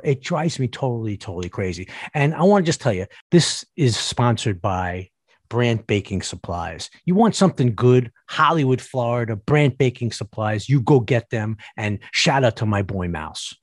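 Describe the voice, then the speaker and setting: A man's voice: lowish voice, breathy edge, dry recording. Guy ranting on his vlog, sarcastic, keeps tripping over his words, dry close sound. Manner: sarcastic, mocking asides; halting, repeats words. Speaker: vlogger. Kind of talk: ranting commentary.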